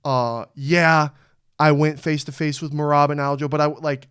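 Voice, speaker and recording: A man hosting a casual podcast chat, animated and profane, loudly acting out what others said. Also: on the high side, normal speed, clear, resonant tone, dry recording, studio quality. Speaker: podcast host.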